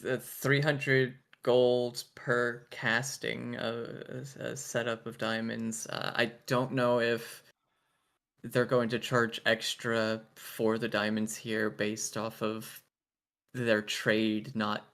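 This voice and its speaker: A man playing a small, cautious cleric, gravelly. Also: lowish voice, completely flat delivery, slow, a bit bright, exaggerated voice. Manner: hesitant, hedging, lots of uh.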